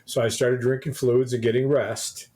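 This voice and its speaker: A man's voice: mid-range voice, level tone, normal speed, dark tone. A man co-hosting a podcast, telling a rambling story in casual chat with many restarts. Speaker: podcast co-host.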